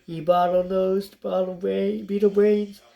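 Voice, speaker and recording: A reader voicing a bellowing male shrew boat chief who yells orders at his crew in a storybook reading. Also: medium pitch, little pitch movement, slow, creaky. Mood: bossy shouting. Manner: yelling orders.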